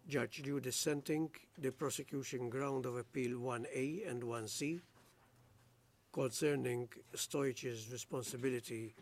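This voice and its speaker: A man, the presiding judge, reading out a formal appeals judgment in a slow, measured legal recitation. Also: medium pitch.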